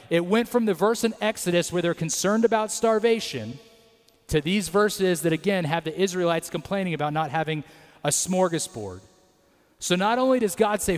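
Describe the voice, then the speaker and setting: A man with a fairly high voice preaches to his congregation, keeping it conversational with little tag questions. He acts out scripture and God's replies playfully, and his voice rings with the long reverb of a big sanctuary. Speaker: pastor. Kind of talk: sermon.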